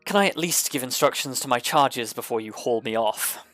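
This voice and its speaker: A man's voice: medium pitch, normal speed, a bit bright, dry recording, soft background music, lightly acted. A man voicing a polite, composed male drow official who speaks formally.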